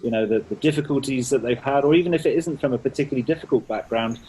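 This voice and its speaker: A man's voice: medium pitch, rapid-fire, warm tone, a little hiss or hum, low-quality recording. A man hosting an interview, asking thoughtful, searching questions. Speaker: interview host.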